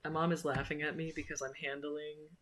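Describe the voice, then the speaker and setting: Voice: mid-range voice, flat delivery, brisk, background noise. A young American streamer in casual, rambling live-stream chat, poking fun at themselves and laughing often, with a sore mouth after dental surgery.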